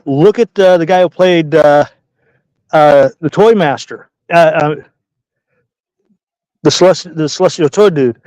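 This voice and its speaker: A man's voice: fairly high pitch, measured pace, long pauses, darkish tone, dry recording, highs cut off. A man chatting casually on a podcast, agreeable and hesitant, with lots of fillers. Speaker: podcast co-host.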